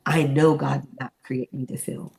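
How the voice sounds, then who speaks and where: A middle-aged woman, an interview guest, telling a personal story in an animated way and acting out the voices she quotes. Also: rumbling low, moderate pace, vocal fry.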